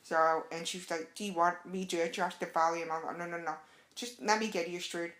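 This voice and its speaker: A young adult woman telling a casual, excited story as a vlogger, acting out the quotes. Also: fairly low pitch, fairly quick, echoey room. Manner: chatty, excited, acts out quotes.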